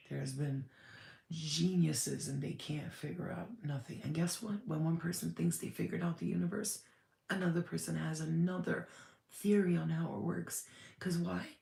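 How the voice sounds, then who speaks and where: A woman's voice: low voice, creaky, mellow, roomy sound. A woman giving a casual channeled spirit reading, rambling and blunt, swearing freely.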